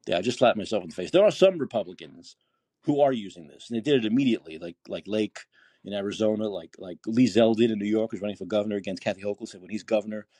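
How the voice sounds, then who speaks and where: A man's voice: medium pitch, a little mellow, no room sound. A man hosting a political call-in podcast, ranting with rhetorical questions and quoting posts from his feed. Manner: heated, indignant, swearing, rhetorical questions; reads listener posts aloud. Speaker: podcast host. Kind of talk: political commentary monologue.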